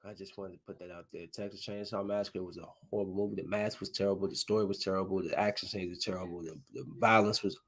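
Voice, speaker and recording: Animated slangy man ranting on a podcast. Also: fast talker, hardly any pauses, slightly rough. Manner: animated storytelling, swings from loud outbursts to low muttering; laughs often, slangy and joking. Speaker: podcast host. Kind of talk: casual solo podcast rant.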